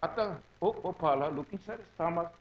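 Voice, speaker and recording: A man in his seventies with a Hawaiian Pidgin English accent, giving a lively, joking talk to a gathering and repeating words in quick bursts. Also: fairly high pitch, highs cut off. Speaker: presenter at a community gathering.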